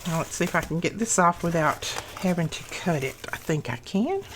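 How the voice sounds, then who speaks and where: A middle-aged woman hosting a crafting channel, gushing over happy mail she unboxes in a slow, lingering way. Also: lowish voice, animated, a little hiss or hum. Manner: gushing, effusive.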